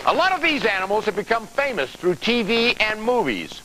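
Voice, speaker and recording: High, lively male game show host. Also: brisk, heavy background noise. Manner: upbeat, lively quizmaster patter. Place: TV studio with audience. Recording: loud TV studio broadcast with music and crowd. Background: music and studio crowd.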